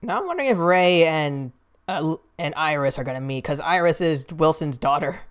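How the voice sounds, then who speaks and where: A woman's voice: low voice, lively intonation, a little fast, smooth. A young adult woman streaming a game, rambling in a giggly, self-deprecating way between lines. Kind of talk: casual let's play commentary.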